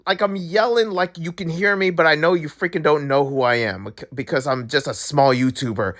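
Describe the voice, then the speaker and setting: A young man who makes gaming videos, talking straight to his viewers in a casual, excitable rant. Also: fairly high pitch, brisk, hardly any pauses. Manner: animated, excitable, talks to viewers directly. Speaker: gaming YouTuber.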